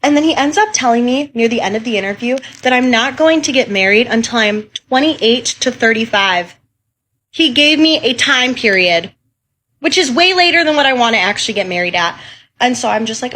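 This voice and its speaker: A woman in her twenties, shaken and upset after crying, telling the camera about a bad job interview in an animated, incredulous way. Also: a little high, brisk, a little hiss or hum. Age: 20s. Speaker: job seeker. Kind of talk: venting storytime to camera.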